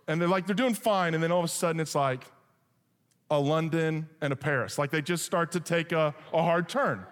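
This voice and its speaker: A man preaching a sermon, telling a humorous story with lively asides and then reading scripture. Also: high voice, brisk. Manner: animated, joking, shifts into acted voices for characters. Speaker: pastor. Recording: long hall reverb.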